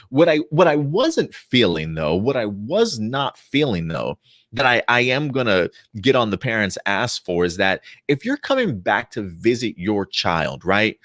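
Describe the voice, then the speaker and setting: Low-voiced male host for a casual TV review, chatty and frank, recorded dry and close. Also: a bit bright, no room sound.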